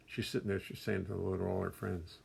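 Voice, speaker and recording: Deep, husky and creaky, an older man's voice keeps a level tone and a fairly quick pace as he livestreams casually from his music studio. He reads out the names of viewers, greeting each warmly and chattily with wry self-deprecating humor.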